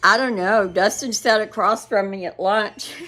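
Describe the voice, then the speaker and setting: A woman's voice: mid-range voice, fairly even intonation, moderate pace, a bit bright. An older woman hosting a casual vlog, telling a rambling story and giggling often as she talks to her viewers. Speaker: vlog host.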